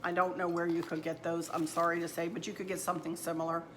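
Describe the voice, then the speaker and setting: A woman's voice: lowish voice, flat delivery, fast, fairly bright tone, slight background noise. A middle-aged woman, chatting casually to viewers at home while she shows her fall decorating and crafts. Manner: chatty, homey, addresses viewers as y'all. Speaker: home decor channel host. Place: at home, indoors.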